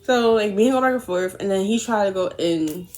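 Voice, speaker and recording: A young woman telling a rambling, animated story while doing her makeup, swearing often and correcting herself as she goes. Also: medium pitch, a little fast, a little hiss or hum.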